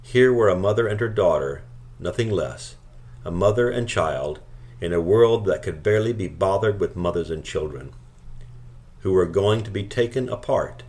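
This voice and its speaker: In a calm, even narration, this audiobook reader speaks a first-person novel plainly from a script. His voice sits fairly low, and he never hurries.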